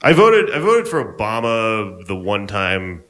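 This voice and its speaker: A man's voice: fairly low pitch, big pitch swings, measured pace, a bit bright, a little hiss or hum. Laid-back young male stand-up comic. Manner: laid-back, rambling, offhand. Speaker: stand-up comedian. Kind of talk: stand-up comedy set. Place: live comedy venue on stage.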